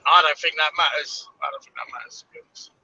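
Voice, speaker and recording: A man's voice: a little high, flat delivery, fast, gravelly, sharp tone, breathy edge, no room sound, dull audio. A man, teasing and joking in casual banter on a live online panel. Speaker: panel caller.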